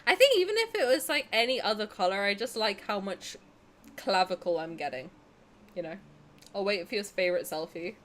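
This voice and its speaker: A woman's voice: medium pitch, expressive, fairly quick, fairly bright tone, slight background noise. A young Southern English woman streaming a game, chatting casually in a bubbly, giggly, self-mocking way. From South of England.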